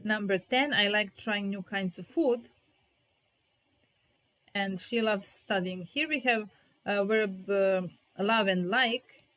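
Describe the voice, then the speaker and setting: A woman teaches a live grammar lesson, her voice sitting at an ordinary middle pitch. She is patient and says example sentences over and over, slowing down on the key words. Now and then she calls on viewers in the chat by name. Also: a bit bright. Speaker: English teacher.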